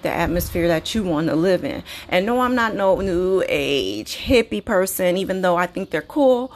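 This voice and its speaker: A woman with a somewhat low voice hosts her own podcast as a casual solo monologue. She talks candidly, often restarting sentences and filling pauses as she works through her thoughts. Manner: candid, conversational, with frequent restarts and fillers. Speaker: podcast host.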